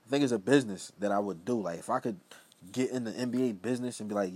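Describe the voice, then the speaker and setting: A young Philadelphia man talks quickly in a fairly low, slightly mellow, husky voice, with no room sound in the recording. Hosting his own podcast, he rambles loosely in solo and keeps trailing off into mumbled asides.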